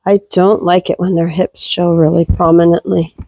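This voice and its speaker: A woman's voice: on the low side, little pitch movement, normal speed, dark tone, dry recording, rough recording. A woman goat farmer vlogging casually while doing barn chores, talking fondly to her goats and scolding them.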